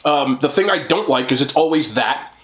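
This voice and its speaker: A man's voice: medium pitch, lively intonation, moderate pace, rough recording. A man hosting an eating video talks loosely to his viewers. He rambles, fills his sentences with "like", and slips into mocking asides. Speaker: mukbang host. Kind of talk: casual chat to camera.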